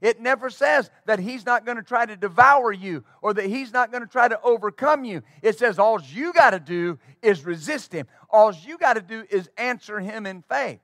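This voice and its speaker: A man's voice: high-pitched, animated, normal speed, hardly any pauses, fairly bright tone, dry recording, clean studio sound. A male pastor preaching a sermon fervently, with call-and-response asides to the congregation.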